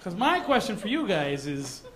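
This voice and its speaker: A man from Canada doing a stand-up comedy set in a comedy club, mostly deadpan, with sudden loud put-on voices. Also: high-pitched, normal speed, noisy background.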